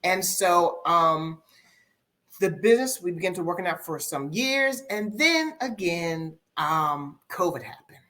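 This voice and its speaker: A middle-aged woman, a life coach guest on a podcast, telling her story candidly and reflectively, with many pauses and repeated phrases. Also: lowish voice, lively intonation, a bit bright.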